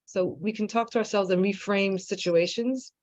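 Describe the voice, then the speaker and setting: A woman's voice: mid-range voice, fairly even intonation, normal speed, darkish tone. A woman hosting an interview, supportive and chatty, offering brief affirmations as she thinks aloud. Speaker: podcast host. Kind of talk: casual interview chat. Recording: dull lo-fi sound.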